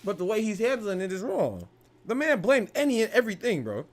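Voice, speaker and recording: A young man hosting a casual boxing podcast, talking in a heated, animated way and peppering his lines with "bro" and profanity. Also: sits high, brisk. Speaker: podcast host.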